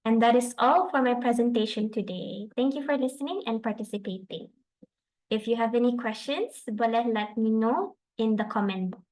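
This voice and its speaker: A young woman speech therapist explains each step of a presentation over a video call. Her voice sits fairly high. She moves slowly through her points and slips Malay phrases into her explanations. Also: a little mellow, rough recording. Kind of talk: online presentation to parents.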